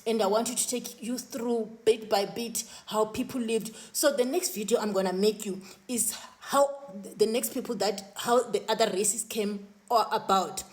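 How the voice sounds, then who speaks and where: A woman with a slightly high voice speaks earnestly to camera about her visions. She often stops mid-phrase, restarts and repeats words as she tells her testimony. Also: fairly even intonation, normal speed, few pauses. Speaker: spiritual vlogger recounting visions.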